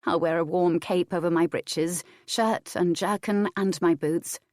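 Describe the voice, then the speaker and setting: A proud young countess from a historical romance audiobook, voiced by a woman reading in a lifted, slightly higher register. She speaks briskly and decisively, with a firm, commanding edge, and the sound is close and dry. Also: steady tone, a little mellow, dry recording, lightly acted. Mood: resolute.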